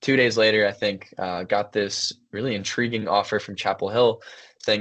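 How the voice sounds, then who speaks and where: A young man co-hosting a podcast, telling stories in an easy, thoughtful way with frequent pauses and fillers. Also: on the low side, steady tone, fairly bright tone. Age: young adult. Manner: thoughtful, storytelling, many fillers. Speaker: podcast co-host, son. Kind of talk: casual conversation.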